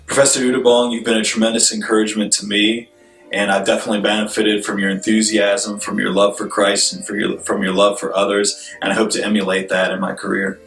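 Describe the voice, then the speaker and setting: A man, a law student, giving an earnest, measured tribute to a professor. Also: on the low side, little pitch movement, fairly bright tone, soft background music. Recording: roomy, distant mic.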